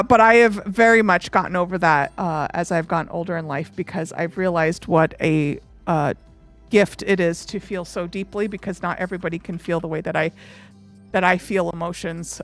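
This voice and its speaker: A woman streamer chatting casually and openly, rambling with lots of fillers. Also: on the low side. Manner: open and emotional. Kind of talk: casual live-stream chat.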